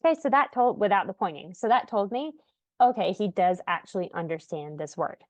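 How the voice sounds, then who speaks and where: Woman, podcast host, casual encouraging chat, light laughs, mid pitch, dry close sound. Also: animated, a little fast, dry recording, highs cut off. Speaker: podcast host and parent coach.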